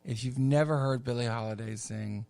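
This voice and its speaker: A middle-aged man telling a long personal story on a podcast, campy and chatty with unhurried asides. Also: medium pitch, fairly even intonation, gravelly, a little mellow, no echo. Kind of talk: casual storytelling.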